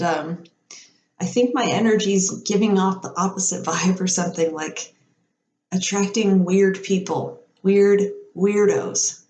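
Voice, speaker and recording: In a roomy, echoing recording, a woman with a fairly low, darkish voice chats casually on a podcast. She wanders through everyday stories, laughing a lot and doing voices for the people she quotes.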